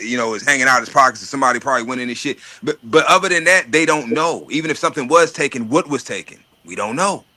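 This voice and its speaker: Man, bright forceful voice, casual streetwise chat, swears a lot, stumbles and repeats words. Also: medium pitch, fast talker. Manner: profane, streetwise, repeats words when thinking. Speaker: podcast host.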